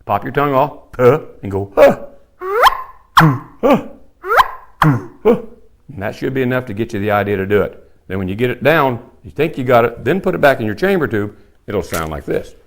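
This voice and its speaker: A man's voice: mid-range voice, animated, fairly quick, background noise. An older man with a folksy, plainspoken manner, teaching elk calling and demonstrating the calls as he talks. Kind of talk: hands-on calling tutorial.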